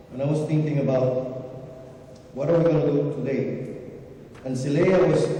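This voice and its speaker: Male emcee at an awards night, mellow tone, stumbles through the script, distant mic in a booming hall. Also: a little hiss or hum. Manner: reads with halting restarts. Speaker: event emcee. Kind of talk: ceremony introduction speech. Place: large banquet hall. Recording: echoey hall, picked up from afar.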